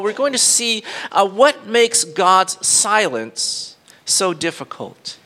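A man's voice: sits high, sharp tone. A male pastor reading scripture and then preaching an earnest sermon, with frequent fillers and restarts.

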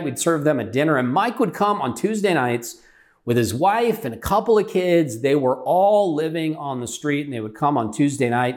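A middle-aged man, a pastor, telling a personal story in an earnest, conversational sermon style. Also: a little high.

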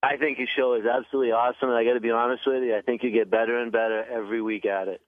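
A man talks quickly and eagerly, heaping praise on the host. His voice comes over a narrow, tinny phone line. He is a regular caller to the show. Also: mid-range voice, little pitch movement, no room sound. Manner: enthusiastic, praising. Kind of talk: phone-in call.

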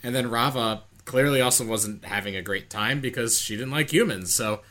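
A man's voice: medium pitch, moderate pace, pushed and bright. A man co-hosting a podcast, thinking aloud in a rambling way. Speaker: podcast co-host. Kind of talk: casual chat.

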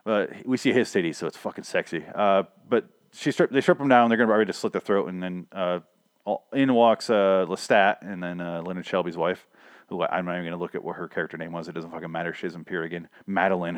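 A young man giving a casual, profane, sarcastic recap of a TV episode, acting out the characters in quick asides. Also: low-pitched, fairly even intonation, dry recording, clean studio sound. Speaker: podcaster reviewing a TV episode.

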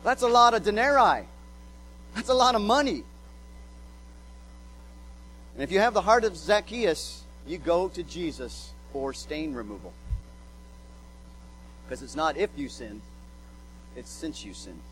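A man's voice: fairly high pitch, lively intonation, moderate pace, pauses often, a bit bright, a little hiss or hum, rough recording. A male pastor preaching a sermon, emphatic, repeating words as he drives points home and acting out quotes.

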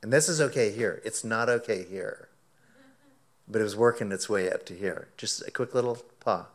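Low-voiced man preaching through a story. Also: moderate pace. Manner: animated storytelling, acts out his own quoted words. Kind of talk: sermon illustration told as a story.

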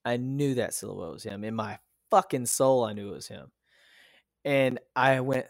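A man's voice: on the low side, normal speed, creaky, dry recording, studio quality. A man in his thirties telling a personal story as a podcast guest, emotional and profane, with many fillers and restarts. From United States. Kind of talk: casual storytelling.

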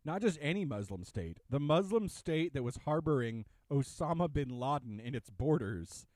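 A man's voice: fairly high pitch, normal speed, no room sound. Joking young man, dry close sound. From Irish heritage. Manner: joking, rambling, animated asides. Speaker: podcast co-host. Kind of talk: casual chat.

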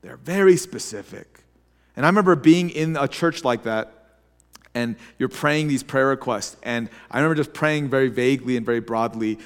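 A man's voice: mid-range voice, a little fast, long reverb tail. A man preaching a sermon as a pastor in a church, talking in a conversational way with frequent restarts and small acted asides. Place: church sanctuary.

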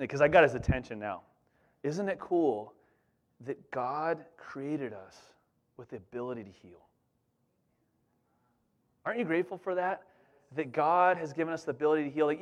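A middle-aged man preaching as a pastor, telling a childhood story in a lively, conversational way full of asides to the congregation. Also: a little high. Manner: animated, conversational, repeats "you know what I'm saying". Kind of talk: storytelling sermon.

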